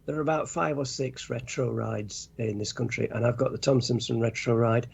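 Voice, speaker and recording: An older British man, a podcast co-host and cycling author, chatting casually in a halting way with many restarts. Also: medium pitch, steady tone, creaky, darkish tone, slight background noise. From Britain. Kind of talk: casual chat.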